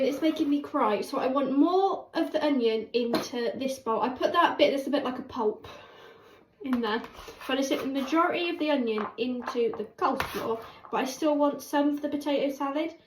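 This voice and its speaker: A woman chatting casually while she cooks, rambling and poking fun at herself. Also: high-pitched. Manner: chatty, rambling, self-mocking. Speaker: cooking vlogger. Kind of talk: casual cooking chat. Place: home kitchen. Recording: echoey kitchen with background noise.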